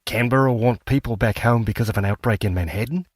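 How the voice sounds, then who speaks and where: A man's voice: mid-range voice, quick pace, no room sound, pitched above the performer's own voice, lightly acted. A male narrator voicing a curt, self-satisfied man in his sixties in an audiobook. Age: 60s. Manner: curt, smug. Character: gruff, curt, self-satisfied retired husband.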